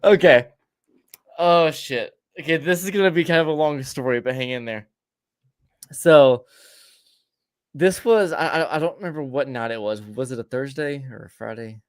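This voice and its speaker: A man's voice: medium pitch, moderate pace, pauses often, clear, resonant tone. A man co-hosting a podcast, telling a long story in a casual way, often stumbling, repeating words and restarting. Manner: laughs between lines. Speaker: podcast co-host.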